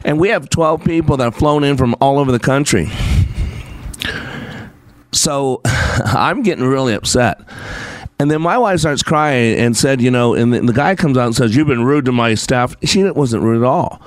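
A man in the middle pitch range hosts a talk show and tells stories in a loose, digressive way, restarting sentences and filling pauses. He sounds close and dry, with no room around him. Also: animated, no echo. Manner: rambling and anecdotal with frequent fillers and restarts. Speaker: show host and customer service teacher. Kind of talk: casual spoken monologue with scripture.

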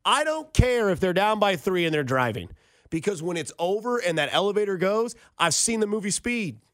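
A man's voice: sits high, moderate pace, no echo, clean studio sound. A man, hosting a late-night radio show and telling jokey stories with lots of energy. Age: 30s. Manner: animated storyteller, jokey, puts on voices. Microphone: studio microphone.

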